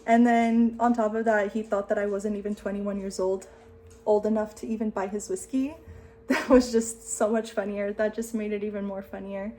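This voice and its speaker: A woman in her late twenties, a vlogger telling a story to the camera in a chatty, excitable way, saying "like" a lot. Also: mid-range voice, moderate pace, slight background noise. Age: 20s.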